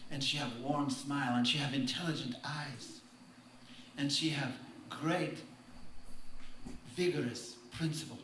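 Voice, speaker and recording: A man telling a story on stage in slow, simple broken English, breaking into song now and then, heard from far off in a large hall. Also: medium pitch, fairly even intonation, a bit bright, slight background noise. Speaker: stage performer. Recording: roomy hall from far off, guitar behind.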